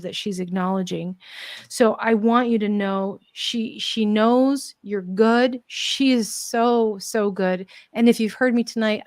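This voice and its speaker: A woman giving a live pet mediumship reading, gentle and reassuring, with many fillers and restarts. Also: mid-range voice, dry recording, studio quality. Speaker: tarot reader and pet medium.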